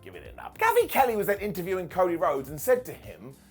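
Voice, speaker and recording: A British man casually reviewing a wrestling show as its regular host, joking and putting on quick mock voices. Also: high voice, husky, soft background music. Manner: animated, jokey, mock voices for quotes.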